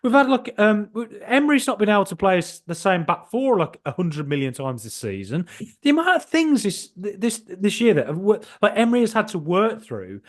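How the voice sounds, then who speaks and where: A man hosting a casual football podcast, animated and joking, with mild swearing and frequent restarts. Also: high voice, fairly quick. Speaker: podcast host.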